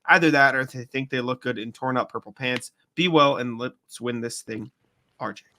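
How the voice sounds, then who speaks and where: A man's voice: medium pitch, moderate pace, sharp tone. A young man co-hosting a podcast, reading listener email aloud with slips and self-corrections. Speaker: podcast co-host.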